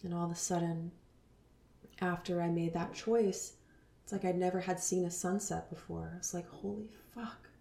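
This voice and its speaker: A woman in her thirties hosting a spiritual podcast, talking earnestly and dropping into soft whispers. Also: lowish voice, level tone, moderate pace, creaky, echoey room. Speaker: podcast host.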